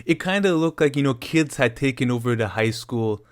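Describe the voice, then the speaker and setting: A man's voice: mid-range voice, lively intonation, moderate pace. A man co-hosting a casual news discussion, talking loosely and chattily with lots of "like" and "I mean.". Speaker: co-host of a news discussion show. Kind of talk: casual political chat.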